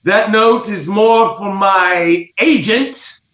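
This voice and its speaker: A man hosting a comedic news segment, setting up punchlines dryly and deliberately. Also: sits high, a bit bright. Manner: dry, deliberate punchline delivery. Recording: roomy, dull recording.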